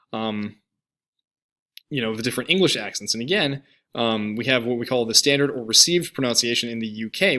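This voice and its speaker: A man's voice: medium pitch, bright, forceful tone. A young man, a teacher talking through lecture slides in a casual, rambling way full of fillers and restarts. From United States. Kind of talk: recorded classroom lecture over slides.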